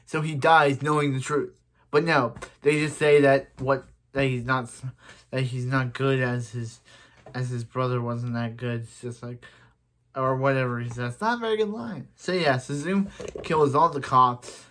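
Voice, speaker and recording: A man's voice: medium pitch, fairly even intonation, moderate pace, a bit bright. Rambling man recapping a TV episode. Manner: rambling, repeats itself, many restarts. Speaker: episode reviewer.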